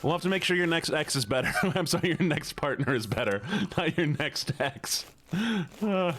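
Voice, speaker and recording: Male streamer, animated sing-song delivery, playful and teasing in casual chat. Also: fairly high pitch, normal speed. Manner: playful, teasing, chatting with viewers. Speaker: live streamer. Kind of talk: casual live-stream chat while playing a game.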